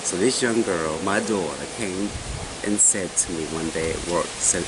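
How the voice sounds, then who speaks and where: A man in his forties telling a personal story in casual chat, animated and often asking his listener questions. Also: low voice, a little slow. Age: 40s. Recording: noisy recording.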